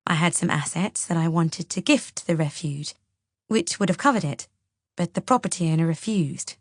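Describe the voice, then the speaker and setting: A woman voicing a composed older mother-in-law who explains herself in a measured, earnest way. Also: fairly low pitch, no echo, studio quality, close to an everyday voice.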